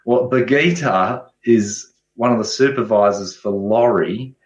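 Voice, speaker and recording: A man, answering interview questions in a relaxed way, often restarting his sentences. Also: on the low side, measured pace. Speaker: guest ecologist. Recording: echoey, dull remote audio.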